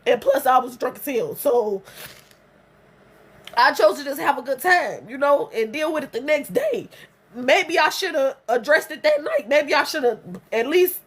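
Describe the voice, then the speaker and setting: A woman's voice: high-pitched, expressive, moderate pace. A young adult woman venting in a blunt, profane monologue, repeating her points over and over. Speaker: vlogger.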